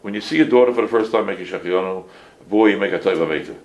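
A man in his sixties, a rabbi giving a casual halacha class full of stories, talking in an animated way with many restarts and Yiddish phrases. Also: sits low, racing, highs cut off.

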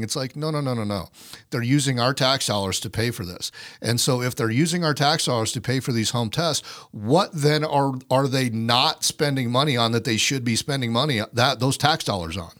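A man's voice: medium pitch, a little fast, fairly bright tone, dry recording. Male podcast co-host, blunt and profane ranter, dry close sound. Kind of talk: casual podcast chat.

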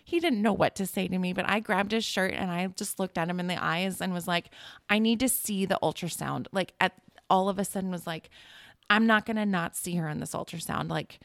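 A woman telling a painful personal story in a halting, emotional way as a podcast guest. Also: fairly low pitch, gravelly, no room sound, studio quality. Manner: halting, emotional, reliving the moment. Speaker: guest sharing her story.

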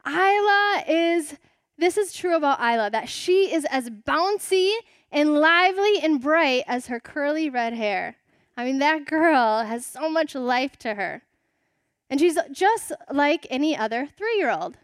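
A woman's voice: sits high, no room sound, studio quality. A woman in her thirties preaching a sermon, telling a family story in a conversational way with rhetorical asides before reading scripture.

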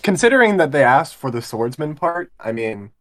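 A man's voice: a little high, very animated, moderate pace, fairly bright tone. A man co-hosting a podcast, chatting casually with short, laid-back reactions. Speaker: podcast co-host. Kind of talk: casual chat.

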